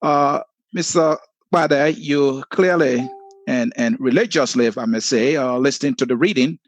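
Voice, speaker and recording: A man's voice: mid-range voice, normal speed. A man with a Liberian accent, hosting a political talk show, formally listing points to put to his guest.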